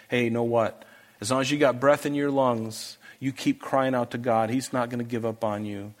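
A male pastor preaching to his congregation in an earnest, emphatic way. His voice sits at an ordinary middle pitch, and he pushes his points home with pleading, rising questions. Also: brisk. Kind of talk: sermon. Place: church hall with a congregation.

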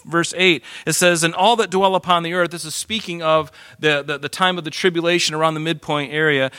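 Animated male preacher, dry sound. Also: on the high side, no echo. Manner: animated preaching, swings from loud to hushed. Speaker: pastor. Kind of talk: sermon.

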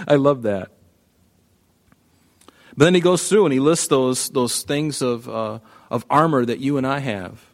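A man preaching a sermon, emphatic, rising to loud peaks when he quotes scripture. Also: medium pitch, slow, long pauses.

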